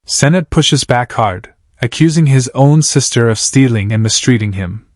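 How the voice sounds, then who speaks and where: A man's voice: mid-range voice, expressive, moderate pace, a little mellow, no room sound, clean studio sound. A man narrating a court case video in a dramatic, suspense-building tone. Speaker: host and narrator. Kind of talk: scripted narration.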